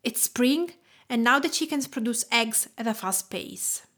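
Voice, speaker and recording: A woman's voice: a little high, a little slow, a bit bright. A woman from Tuscany with an Italian accent, hosting a cooking podcast in a careful storytelling way. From Tuscany, Italy. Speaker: podcast host, home cook. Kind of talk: scripted podcast narration.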